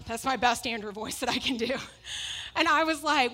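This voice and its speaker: A woman's voice: on the high side, a little fast, bright, forceful tone. A woman preaching a sermon, emphatic and repetitive, often breaking into laughs as she makes her points.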